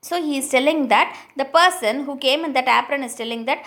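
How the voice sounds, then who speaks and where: Woman teacher, higher voice, reads a line then explains it with quick questions. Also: fairly bright tone. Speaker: English teacher. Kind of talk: explaining a prose text line by line.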